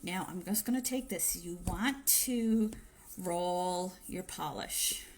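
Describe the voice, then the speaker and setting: A woman's voice: on the low side, slow pace, darkish tone. A woman chatting her way through a live-streamed nail polish tutorial on her phone, giving tips with friendly asides. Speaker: nail tech demonstrating polish application.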